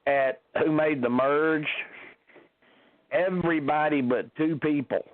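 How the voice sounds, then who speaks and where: A hoarse man with a sinus infection, hosting a casual call-in podcast and rambling with many ums and restarts. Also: on the high side, slow, dry recording. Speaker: podcast host. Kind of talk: casual call-in show chat. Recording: tinny phone-line audio.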